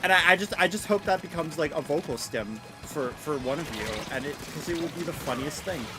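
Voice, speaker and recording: Lively, animated woman streamer. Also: low voice, brisk. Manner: excitable, laughing, rambling with restarts. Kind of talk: live gameplay stream chat. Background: music.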